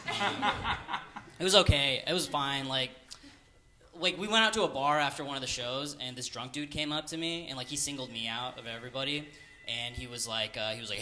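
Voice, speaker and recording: A man's voice: medium pitch, brisk, pushed and bright. Rambling, self-deprecating male stand-up comic. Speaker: stand-up comedian. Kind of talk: stand-up comedy set. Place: live comedy venue. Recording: live room with audible noise.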